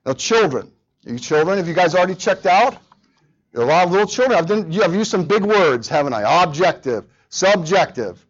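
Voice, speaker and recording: Man, pastor, sermon, high lively voice, dull lo-fi sound. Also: normal speed. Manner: animated, speaks directly to children.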